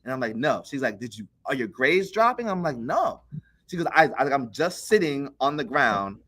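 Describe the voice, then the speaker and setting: Animated man telling a story. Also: medium pitch, normal speed. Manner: animated, acts out voices in his story. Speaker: podcast co-host. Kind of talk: casual storytelling.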